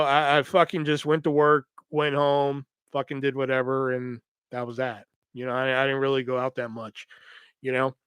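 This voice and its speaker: A man's voice: on the high side, a bit bright, smooth, no room sound. A man hosting a podcast, telling a rambling story in casual chat, swearing constantly and full of fillers. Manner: rambling, profane, lots of fillers. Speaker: podcast host.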